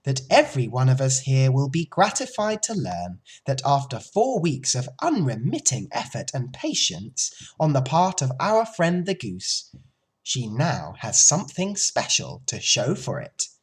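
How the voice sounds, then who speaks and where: Man playing a polite female spider, formal speech-maker, storybook, husky, unhurried. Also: mid-range voice, huge pitch swings, heavily acted. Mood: gracious. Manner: gracious, formal speech-making.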